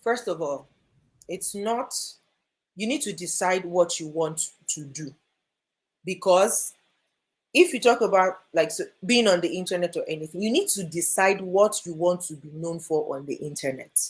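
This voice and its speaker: A woman with a Nigerian accent speaking as an energetic, emphatic guest in an interview. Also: fairly low pitch, normal speed. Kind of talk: lively interview talk.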